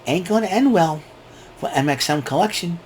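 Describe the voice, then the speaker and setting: A man's voice: on the high side, normal speed, a little hiss or hum. A man giving a casual, rambling wrestling recap and often laughing at his own jokes. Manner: animated, rambling, laughs a lot. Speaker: wrestling show reviewer.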